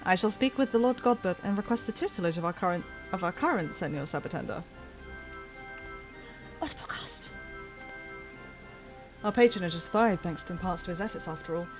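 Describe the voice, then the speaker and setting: A woman's voice: fairly low pitch, fast talker, few pauses, over music, lightly acted. A woman reading as a formal courteous attendant. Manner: formal, old-fashioned phrasing. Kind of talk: reading game dialogue aloud.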